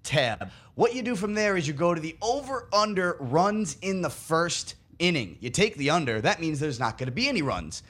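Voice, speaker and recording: A man's voice: on the high side, sing-song, moderate pace, hardly any pauses, a bit bright. A man hosting a sports betting segment, upbeat, walking listeners step by step through his picks. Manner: upbeat, explains bets step by step. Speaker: producer and segment host.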